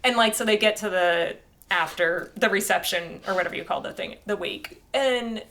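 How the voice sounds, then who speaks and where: Chatty, laughing woman, bright voice. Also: mid-range voice, moderate pace. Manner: chatty, lots of "like", laughs often, acts out quotes. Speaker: podcast co-host. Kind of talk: casual chat.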